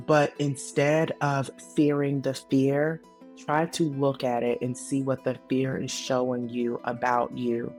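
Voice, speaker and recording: A woman's voice: a bass voice, a little slow, faint music behind. Earnest woman sharing a personal story. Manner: earnest, animated storyteller with frequent fillers. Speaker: guest. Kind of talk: casual interview testimony.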